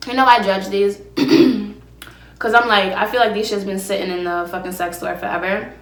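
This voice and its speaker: At normal speed and medium pitch, in a steady tone, a young woman chats on her solo podcast, eating as she delivers brash, profane stories. The audio comes from a phone camera with a ring light and carries a roomy echo.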